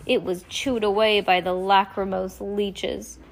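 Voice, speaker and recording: A scheming villain in disguise who speaks with oily, false politeness from a storybook, read by a woman. His voice sits at a middling pitch, a little louder than the narration around it. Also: level tone, a little slow, creaky. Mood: whiny. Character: scheming male villain posing as a sea captain.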